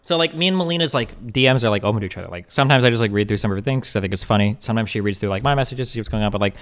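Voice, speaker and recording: A young man streaming live and commenting on a video, speaking in a quick, profane way full of "like" and "um.". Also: lowish voice. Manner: rapid, profane, many fillers like "like" and "um".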